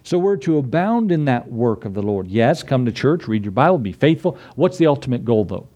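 A man's voice: medium pitch, big pitch swings, a little fast, warm tone. A male pastor preaching a sermon in a conversational way, with frequent asides and small laughs.

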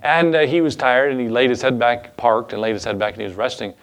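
A man's voice: medium pitch, steady tone, fast talker. A male pastor preaching a sermon in a casual, folksy way, with asides and chuckles.

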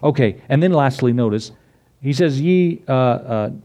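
A man's voice: medium pitch, expressive, measured pace, mellow. A male pastor preaching a sermon in a conversational way, with frequent asides and small laughs.

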